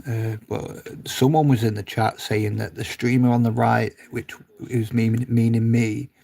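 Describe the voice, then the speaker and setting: A man chatting casually on a live stream, reading comments aloud, rambling, swearing freely and laughing often, sometimes dropping to a low mutter. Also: little pitch movement, a little slow, vocal fry, mellow.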